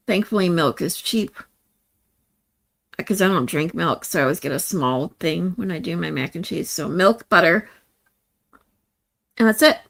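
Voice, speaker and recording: A woman's voice: fairly low pitch, creaky, fairly bright tone. A woman live-streaming in casual chat, rambling and chatty with a stuffy nose. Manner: rambling, chatty, with frequent restarts. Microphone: streaming mic.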